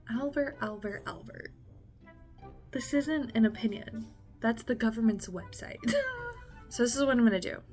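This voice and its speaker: A woman vlogging casually, often breaking into laughter and reading emails aloud slowly and dramatically. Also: on the high side, very animated, darkish tone, faint music behind. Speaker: scam-baiting vlogger. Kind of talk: casual vlog chat.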